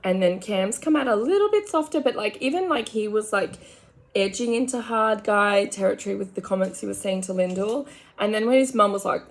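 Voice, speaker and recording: A young woman from the Australian countryside with a clear Australian accent talks casually and frankly, rambling through her thoughts with plenty of "like". Her voice sits at an ordinary middle pitch. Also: fairly quick. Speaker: makeup vlogger. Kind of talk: casual chatty commentary. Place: home.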